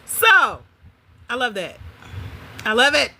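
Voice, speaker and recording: A woman hosting a livestream from home, chatting casually with viewers in an animated way and laughing often. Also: on the high side, slow pace, a little hiss or hum. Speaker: livestream host.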